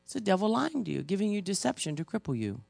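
A woman's voice: medium pitch, sing-song, quick pace, gravelly, darkish tone, no echo, voice pushed up, full character voice. A woman voicing God, firmly reassuring her, raised and emphatic.

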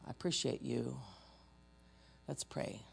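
A church trainer teaching spiritual warfare through stories, animated and joking at their own expense. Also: mid-range voice, slow pace, vocal fry, a little hiss or hum. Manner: animated, acts out loud quoted voices.

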